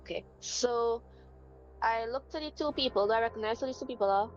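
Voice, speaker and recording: A woman playing a tabletop game, talking quickly and insistently, partly in character. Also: fairly high pitch, muffled recording, faint music behind. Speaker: player. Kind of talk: casual tabletop game chat.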